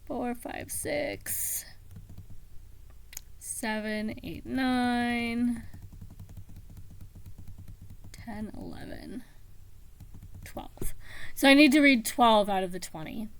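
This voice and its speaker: A woman talking casually about books, slow and meandering with many pauses and ums. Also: a little high, vocal fry, slight background noise. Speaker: book vlogger. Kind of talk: casual book chat.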